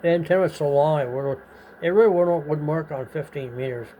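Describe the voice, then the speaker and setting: A man's voice: a little high, brisk, dark tone, a little hiss or hum, rough recording. Rambling older man telling an old story. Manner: rambling, profane, acts out quoted voices. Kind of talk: casual storytelling.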